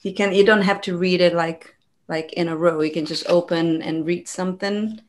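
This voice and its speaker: A woman's voice: lowish voice, fairly even intonation, normal speed. Easygoing woman musician chatting between songs. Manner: easygoing, rambling with fillers and soft laughs. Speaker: musician guest. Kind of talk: casual interview chat.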